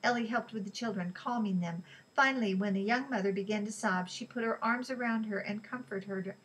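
A woman narrating an audiobook in a steady, even storytelling voice. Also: medium pitch, a little fast, poor audio. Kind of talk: scripted narration.

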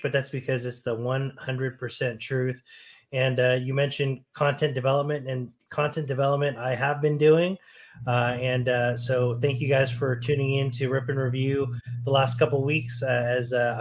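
A man's voice: mid-range voice, steady tone, normal speed, a bit bright. A man co-hosting a podcast, chatting casually and teasing the others, with plenty of fillers. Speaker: podcast co-host. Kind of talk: casual chat.

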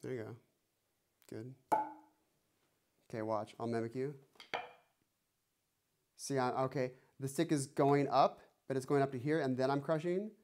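Teasing drum teacher counting beats. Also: male voice, medium pitch, fairly even intonation, unhurried, long pauses, darkish tone. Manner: playful, teasing, mock-threatening. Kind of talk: one-on-one music lesson. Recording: noisy room with drum clicks.

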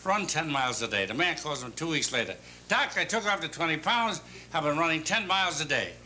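An older man doing a stand-up routine of rapid one-liners in a TV studio, with punchy deadpan delivery. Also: fairly high pitch, slight background noise. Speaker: stand-up comedian. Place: television studio stage before an audience. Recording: 1970s TV studio audio, loud audience laughter.

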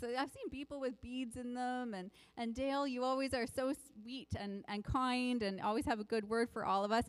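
Woman lay preacher, higher voice, chatty and rambling casual sermon, dry close sound. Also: dry recording, low-quality recording. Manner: chatty, rambling, laughs often, says "like" a lot. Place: church sanctuary.

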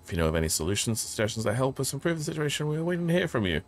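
A man's voice: medium pitch, sing-song, racing, a little hiss or hum. A man streaming a horror game, reading notes aloud and joking as he plays. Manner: jokey, reads notes aloud, yelps when startled. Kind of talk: casual gameplay commentary.

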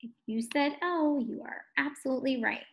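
A woman's voice: high voice, brisk, a little hiss or hum. A woman teaching a recorded phonics lesson to first graders, sounding out words and praising the children.

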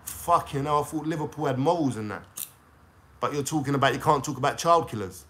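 A man's voice: mid-range voice, brisk. A young man from London with a London accent, ranting to his viewers in a heated, swearing, slang-heavy monologue.

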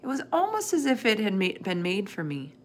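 A woman's voice: mid-range voice, huge pitch swings, fairly quick, a little hiss or hum. A woman reading a children's chapter book aloud, narrating expressively in the first person. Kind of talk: storybook read-aloud.

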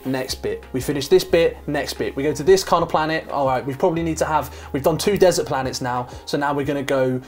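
A man co-hosting a film podcast, talking casually in a sarcastic, mocking and lively way. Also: a little high, a little fast, hardly any pauses, soft background music. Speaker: podcast co-host reviewing films. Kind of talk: casual chat.

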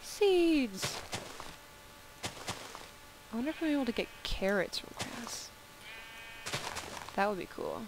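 A woman narrating her video game play in an easygoing, playful way, chatting to the animals she meets. She talks at an unhurried, slow pace. A steady hiss of background noise sits under her voice. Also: medium pitch. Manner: playful, chats to the game's animals. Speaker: video game let's-player. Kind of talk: casual gameplay commentary.

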